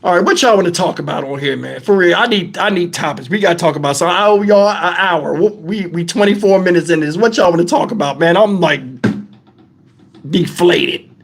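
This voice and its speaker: Man, middle-aged, high voice, casual livestream host, blunt, profane, shaken, talking to chat. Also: a little fast, creaky.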